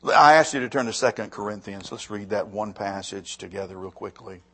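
A man preaching a sermon, reading scripture slowly and with emphasis, with quick spoken asides to the congregation. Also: on the low side, pushed and bright. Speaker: pastor.

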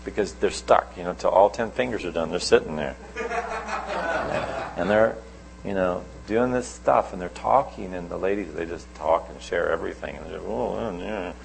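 A middle-aged man preaching a sermon, telling stories with sudden swings between loud and soft. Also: deep voice, normal speed, creaky, a little hiss or hum, low-quality recording.

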